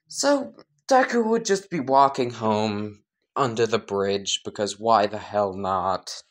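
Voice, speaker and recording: A woman's voice: extremely low pitch, animated, slow, pauses often. A woman casually narrating a crude, rambling comedic fan story.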